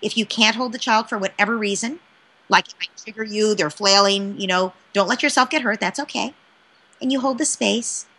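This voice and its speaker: A woman speaking as a parenting expert in an interview, animated and often checking in with "right?". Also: mid-range voice, normal speed, slightly rough. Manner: animated, keeps asking "right?". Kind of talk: interview answer, advice.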